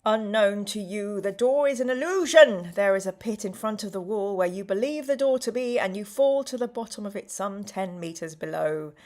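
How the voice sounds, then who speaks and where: A woman's voice: medium pitch, expressive, moderate pace, hardly any pauses, a little mellow. A woman hosting a live stream, reading a gamebook aloud to her chat in a playful, exclamatory way.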